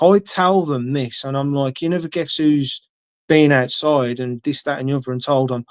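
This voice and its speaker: A man's voice: a little high, dry recording. An English man telling a long story in casual chat, swearing freely and acting out what people said. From England. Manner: swears freely, acts out quoted dialogue. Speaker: guest.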